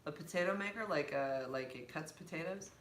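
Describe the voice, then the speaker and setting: A woman's voice: low voice, a little fast. A woman co-hosting a casual live stream, chatting and laughing often. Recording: echoey room with faint background noise.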